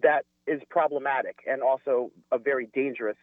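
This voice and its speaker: A man as a radio guest, speaking earnestly and deliberately with frequent ums. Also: mid-range voice, no echo. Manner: earnest, deliberate, with many um fillers. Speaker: guest on phone. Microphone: telephone. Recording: tinny phone line.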